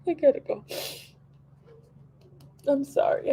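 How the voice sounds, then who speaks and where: A woman's voice: high voice, flat delivery, measured pace, long pauses, muffled recording, slight background noise. A woman crying as she talks on a live video, emotional and repeating herself.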